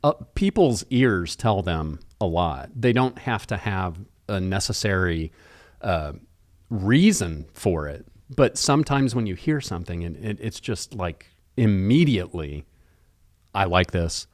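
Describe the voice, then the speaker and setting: A man's voice: sits low, sing-song, unhurried, no room sound, studio quality. A man co-hosting a podcast, chatting casually and thoughtfully about music, rambling with restarts. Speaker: podcast co-host.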